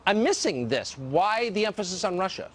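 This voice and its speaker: A man's voice: high-pitched, big pitch swings, normal speed. A man hosting a TV news show, interviewing a guest and delivering commentary with probing questions and stumbling restarts. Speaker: TV news host.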